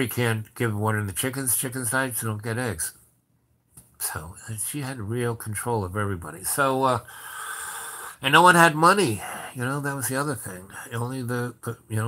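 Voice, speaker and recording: A man spins a long story in loose, rambling speech full of fillers. His voice is bright and sharp at a middle pitch, and he breaks into acted-out dialogue. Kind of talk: casual spoken storytelling.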